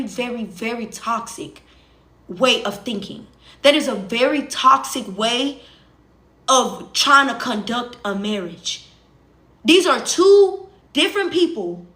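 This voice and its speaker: Young woman livestreamer, high bright voice, chatty and emphatic, echoey room sound. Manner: conversational, emphatic, repeats phrases, asks listeners for agreement. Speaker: livestream host. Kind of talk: casual storytelling to viewers.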